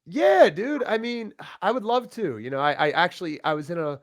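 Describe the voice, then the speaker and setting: A young wrestler, appearing as a guest, chats casually in an interview, telling stories in a relaxed way while laughing often and cursing easily. His voice is a little high and brisk, recorded at studio quality with no room sound.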